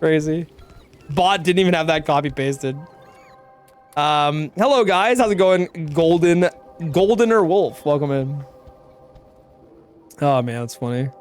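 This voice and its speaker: A man with a notably high speaking voice talks loosely to his stream audience, relaxed and quick to swear or laugh. Soft music plays faintly underneath. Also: clear, resonant tone. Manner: laid-back, swears and laughs often. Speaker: game streamer. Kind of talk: casual stream commentary.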